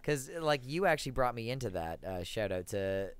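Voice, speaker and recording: A man's voice: medium pitch, lively intonation, moderate pace, clear, resonant tone, dry recording. A young man, a podcast guest and musician, chatting casually and acting out quoted voices as he tells a story.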